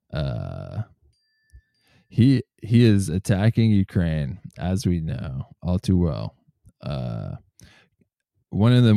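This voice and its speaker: A man hosting a casual comedy podcast, swearing freely and reading news quotes aloud in a relaxed, joking way. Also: deep voice, vocal fry, no room sound, studio quality. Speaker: podcast host.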